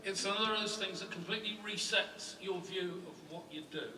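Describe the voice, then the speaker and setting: A man performing on stage, speaking thoughtfully and earnestly with many pauses. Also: high voice. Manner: thoughtful, earnest, filler-heavy. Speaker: performing musician. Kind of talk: on-stage reflective chat. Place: live concert stage. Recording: echoey live hall from far off with music.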